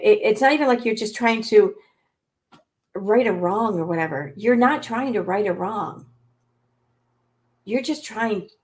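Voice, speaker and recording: A woman's voice: medium pitch, darkish tone. A woman hosting a commentary channel, reacting to clips with sarcastic, exasperated rants full of swearing.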